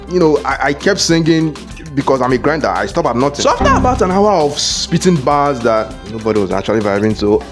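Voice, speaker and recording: A man with a Nigerian accent telling a comic story, playful and dramatic. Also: a little high. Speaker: comedic storyteller. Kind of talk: comedy skit narration.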